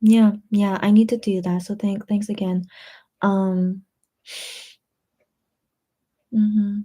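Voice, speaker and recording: A woman's voice: medium pitch, little pitch movement, measured pace, dark tone. A woman hosting a late-night livestream, reading viewer comments aloud and chatting back in a rambling way, full of fillers and restarts, sounding tired and a little tipsy. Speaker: livestream host reading chat.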